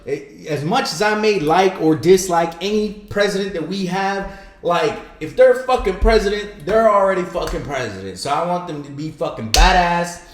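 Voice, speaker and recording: A man's voice: sits high, moderate pace, echoey room. A man co-hosting a podcast in casual, profane, heated rants. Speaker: podcast co-host.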